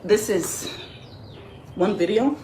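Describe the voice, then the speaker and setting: A woman's voice: mid-range voice, animated, slow pace, warm tone. A woman telling her side of the story in a casual vlog, earnest and defiant while holding back tears. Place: home kitchen. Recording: echoey room, faint background noise.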